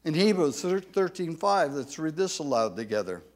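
A man preaching a sermon with emphatic delivery, rising loud when reading scripture aloud, with some halting restarts. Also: a little high, very animated. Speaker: pastor.

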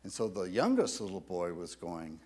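A man preaching a sermon to his church in a measured, deliberate way. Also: low-pitched. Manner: slow, measured preaching with lively rises and falls. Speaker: pastor.

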